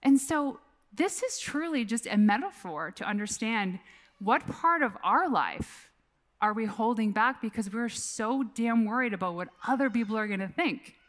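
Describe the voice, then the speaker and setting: Candid, slightly high-voiced woman speaker. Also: lively intonation, moderate pace. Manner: candid and casual, swears freely. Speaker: keynote speaker. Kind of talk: personal storytelling keynote. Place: conference stage.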